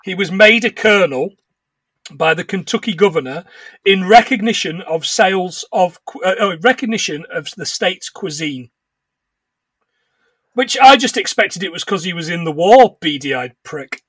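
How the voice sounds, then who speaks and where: A man co-hosting a casual podcast chat, giggling as he retells scenes and slips into quick silly voices. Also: high-pitched, animated, fairly bright tone, slightly rough, no room sound, recorded from a distance. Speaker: podcast co-host.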